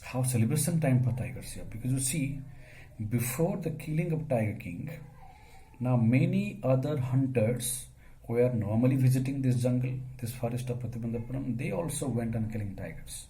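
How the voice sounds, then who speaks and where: A man's voice: mid-range voice, lively intonation, moderate pace, slight background noise, poor audio. Man teaching a class. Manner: explains step by step, asks questions then answers them; many fillers, with sudden rises in loudness. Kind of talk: classroom lecture on a story.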